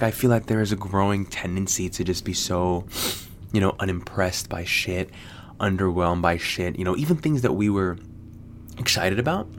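American guy with a lowish voice rambling and cussing on his podcast, faint hum behind. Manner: rambling, swears freely, lots of fillers. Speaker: podcast host. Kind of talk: casual podcast monologue. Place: Sydney.

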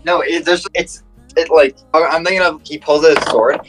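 A young man playing a tabletop game, talking in a quick, excitable way. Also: a little high, over music, poor audio. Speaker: player. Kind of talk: casual banter at the game table.

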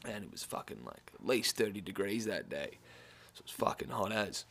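A man's voice: fairly low pitch, big pitch swings, vocal fry, a bit bright. A young man with an Australian accent telling a casual story, swearing often and laughing now and then. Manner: laid-back, swears often, quick laughing asides.

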